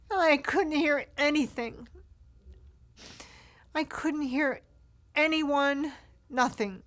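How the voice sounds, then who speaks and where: A woman giving documentary testimony about surviving an attack, retelling it slowly and emotionally and voicing her own cries for help. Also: high voice, a bit bright. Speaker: survivor telling her story.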